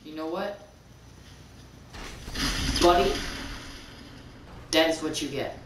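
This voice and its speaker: A man giving casual, excitable gameplay commentary, rambling and repeating his exclamations as he plays. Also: fairly high pitch, slow pace. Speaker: gaming channel host. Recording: roomy, distant mic, noisy.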